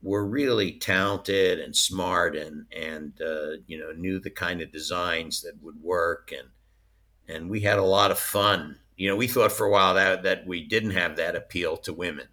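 A man's voice: low-pitched, normal speed, pushed and bright. A man being interviewed as a former studio licensing executive, telling chatty stories and often laughing mid-story. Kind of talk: casual anecdotal storytelling.

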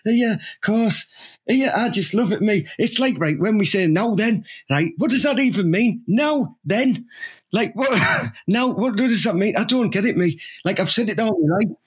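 A man's voice: high-pitched, lively intonation, moderate pace, slightly rough. A young man with a Teesside accent co-hosting a podcast, chatty and enthusiastic, laughing often and using local slang. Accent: Teesside English. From Teesside, England. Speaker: podcast co-host. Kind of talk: casual banter.

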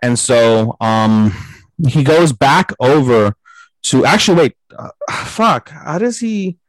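A man's voice: mid-range voice, expressive, slow, dry recording, poor audio. A young man co-hosting a podcast, recapping an anime episode in a casual, rambling, profane way and acting out the characters' lines. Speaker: podcast co-host.

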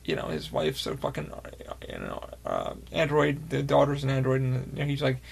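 Gravelly-voiced guy rambling thru a story on his podcast, swears a ton, gets all hyped. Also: mid-range voice, normal speed. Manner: excitable, heavy swearing, rambling with many fillers. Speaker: podcast host. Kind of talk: casual storytelling.

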